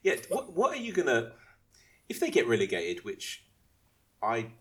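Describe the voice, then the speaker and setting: A man's voice: mid-range voice, wildly swooping pitch, a little slow, a bit bright. A man co-hosting a casual football podcast, rambling, restarting his questions and explaining things at length. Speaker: podcast co-host.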